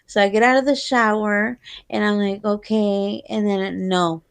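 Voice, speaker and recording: Latina podcast co-host, slow and kinda gravelly, swears a lot, drops in. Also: female voice, medium pitch, fairly even intonation. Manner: candid, profane, switches into Spanish. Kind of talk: casual chat.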